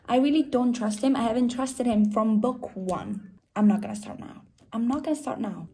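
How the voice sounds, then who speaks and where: A young woman from Italy chatting in a casual reading vlog, with animated, swearing, ranting reactions to the story. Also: medium pitch. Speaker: book vlogger.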